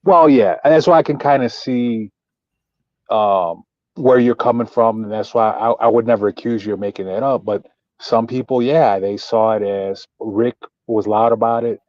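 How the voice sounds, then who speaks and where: A man with a fairly low voice speaks calmly and deliberately, offering advice. The audio is dull and muffled, with a dry close sound and no echo. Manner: calm, measured, gives advice. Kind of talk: casual chat on a livestream.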